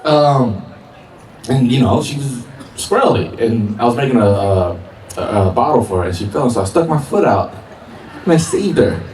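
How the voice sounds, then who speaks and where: A man's voice: mid-range voice, lively intonation, normal speed, darkish tone. A man performing a stand-up comedy set in a park, laughing through his punchlines. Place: outdoor park stage. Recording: roomy open-air sound from far mic with noise.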